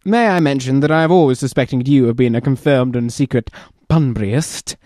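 A man reading aloud as a witty, idle young gentleman in a classic comedy of manners, in a theatrical, arch manner. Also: mid-range voice, normal speed, no echo, clean studio sound, lightly acted.

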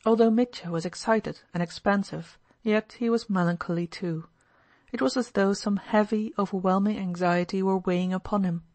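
A woman reading a classic novel aloud as an audiobook narrator, calm and even. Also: mid-range voice, moderate pace, dry recording. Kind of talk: scripted narration.

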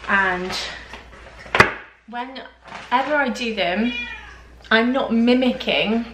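A woman's voice: a little high, extremely slow, very noisy. A young woman chatting casually at home on her sofa, rambling and giggling through a haul vlog. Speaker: lifestyle vlogger. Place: home living room, on the sofa.

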